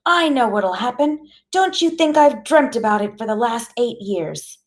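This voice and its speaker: A woman's voice: medium pitch, sing-song, normal speed, warm tone, pitched above the performer's own voice, natural voice. A woman voicing an upset grandmother who pleads in a raised, tearful-sounding voice and hates violence. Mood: distraught.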